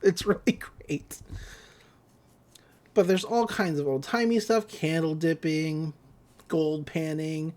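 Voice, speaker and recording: A podcast host recapping a cartoon episode in loose, casual chat. The delivery rambles with fillers and quick character impressions, at a middling pitch and an everyday pace. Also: fairly even intonation, darkish tone. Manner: rambling, amused, lots of fillers and quoted voices.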